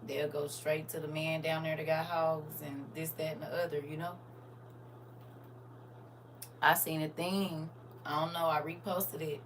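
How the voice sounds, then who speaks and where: A woman's voice: sits low, unhurried, long pauses, a little hiss or hum. A woman, chatting casually to viewers on a livestream and talking straight to them. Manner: animated, talks straight to viewers. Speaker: livestream host.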